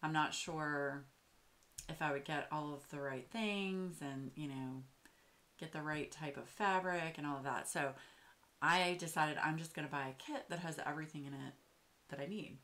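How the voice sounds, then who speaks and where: A woman, chatting casually and excitedly as she shows off craft supplies, with lots of fillers and gushing. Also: low-pitched, normal speed. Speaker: craft vlogger. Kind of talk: casual show-and-tell chat.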